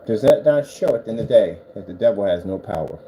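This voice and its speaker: A fast-talking man with a fairly low, dark-toned voice sounds animated as he chats casually in a vlog. He owns a small projector screen business and speaks from his indoor workshop with boxes and a desk, preaching about faith and then playfully cooing at his cat. The room behind him is noisy.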